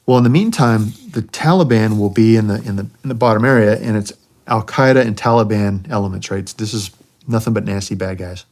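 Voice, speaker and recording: A man's voice: on the low side, brisk. A middle-aged man from the United States, a retired army helicopter pilot, casually telling war stories and often checking in with a questioning "right?". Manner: relaxed, tags points with a questioning "right?". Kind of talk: casual storytelling in a conversation.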